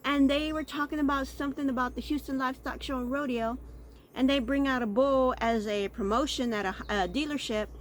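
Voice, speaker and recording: A woman's voice: sits high, steady tone, fairly quick, slight background noise. A middle-aged woman from Texas with a Texan accent, hosting a casual chat show and rambling as she stumbles over her words. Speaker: podcast host.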